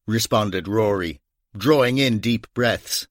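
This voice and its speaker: A man with an Irish accent narrating an audiobook in a measured storytelling manner. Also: fairly low pitch, lively intonation, no room sound, clean studio sound.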